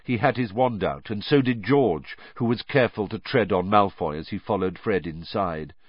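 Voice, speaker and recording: A man reading a story aloud as narrator, with expressive storytelling delivery. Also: normal speed, breathy edge, no room sound. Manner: lively storytelling with varied pitch. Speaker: audiobook narrator. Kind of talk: scripted narration. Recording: dry, slightly muffled lo-fi recording.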